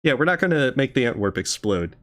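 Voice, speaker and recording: A man's voice: mid-range voice, sing-song, brisk, a bit bright. A man hosting a let's play, chatting casually, chuckling and reading the on-screen game text aloud. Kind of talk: casual gameplay commentary.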